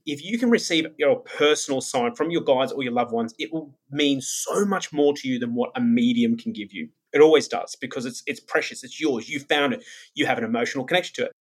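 A man hosting a spiritual podcast, telling stories in a chatty, animated monologue. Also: medium pitch, brisk. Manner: chatty storyteller, animated retellings. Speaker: podcast host and medium.

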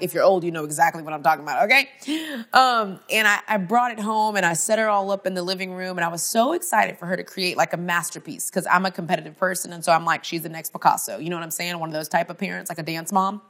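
A woman in her thirties speaks at a conference with a somewhat low voice. She mixes humorous storytelling with preacherly emphasis and direct questions to the audience. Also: a bit bright. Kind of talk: conference talk.

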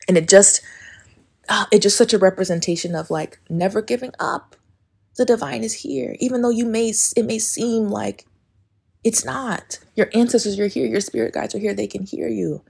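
Husky, mellow-voiced woman podcaster. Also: medium pitch, fairly even intonation, normal speed. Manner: emphatic, profane, breaks into singing song lyrics. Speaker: podcast host. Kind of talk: casual spiritual podcast monologue.

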